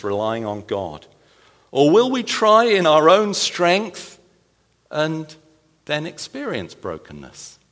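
A male pastor preaching a sermon with animated, emphatic delivery and playful asides. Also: on the low side. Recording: long reverb of a large hall.

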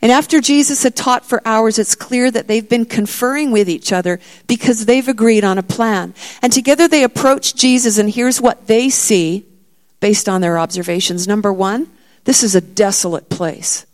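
A woman's voice: a little high, normal speed, darkish tone. A middle-aged woman delivers a sermon in a storytelling voice. She acts out the words of the people in her story, lifting her voice as she stresses each point. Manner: storytelling, acts out the disciples' lines with rising emphasis. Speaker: preacher.

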